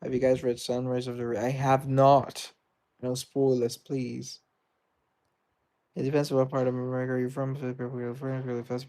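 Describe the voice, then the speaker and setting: A British man chats casually on a game livestream, reading out and answering viewer comments as he goes. His voice sits at an ordinary middle pitch with a noticeable gravelly fry, and he rambles easily from one thought to the next. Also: monotone, moderate pace, mellow. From Britain. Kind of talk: casual livestream chat while gaming.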